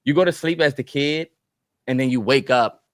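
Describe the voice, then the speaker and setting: Man, podcast co-host, laid-back storyteller, mid-pitched voice, dry close recording. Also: moderate pace, no echo. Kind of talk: casual podcast chat.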